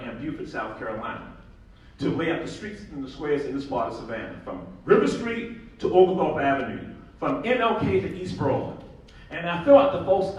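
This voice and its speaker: A man's voice: a little high, far from the mic, a little hiss or hum. Emphatic man lecturing in an echoey hall. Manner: emphatic and animated, repeats key phrases. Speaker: conference speaker. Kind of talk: public lecture.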